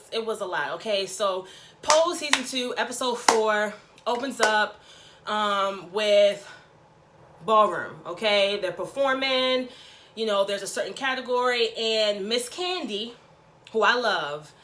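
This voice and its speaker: A woman's voice: medium pitch, fairly bright tone. A woman vlogger giving a sassy, chatty recap of a TV episode, tagging her sentences with "okay?". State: out of breath. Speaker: YouTube vlogger. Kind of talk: casual TV recap vlog.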